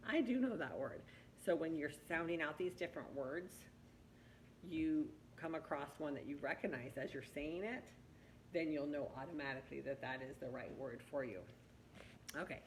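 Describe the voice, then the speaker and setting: Low, gravelly-voiced woman teaching reading. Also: a little hiss or hum, low-quality recording. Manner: patient, encouraging, coaxing. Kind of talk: one-on-one reading lesson.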